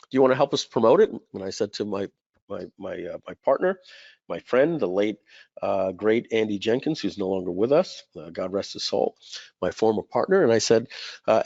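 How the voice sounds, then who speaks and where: A man hosts a live webinar, spinning a long rambling story packed with fillers and the odd throat clear. His voice sits at a middle pitch. The sound is dry and a little dull, like a webinar stream. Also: dry recording. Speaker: webinar host.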